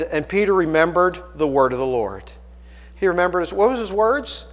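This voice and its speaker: A man preaching a sermon, emphatic and swelling into loud appeals, often restarting his phrases. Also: a little high. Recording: long hall reverb.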